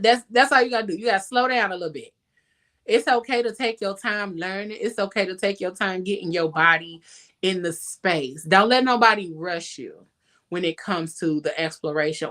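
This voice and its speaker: A woman hosts a casual advice talk. She speaks emphatically and laughs between points, at a middle pitch. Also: fairly bright tone. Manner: emphatic, laughs often, sings a line. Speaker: podcast host.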